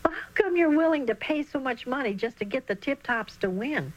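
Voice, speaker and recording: A woman voicing a friendly, excited young boy in a children's storybook reading. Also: high voice, a little fast, pitched above the performer's own voice, low-quality recording.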